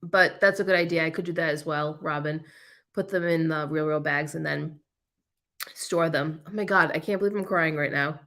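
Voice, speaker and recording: With a low-pitched, steady, fairly bright voice at normal speed, a woman chats through her reseller livestream, reading viewer comments with plenty of laughs and ums. All the while she's coughing and her eyes are watering.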